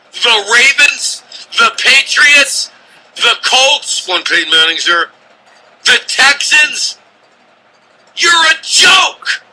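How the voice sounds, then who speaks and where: High, bright-voiced ranting radio host man. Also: a little hiss or hum, rough recording. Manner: ranting, shouting, exasperated. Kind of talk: sports talk radio rant. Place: radio studio.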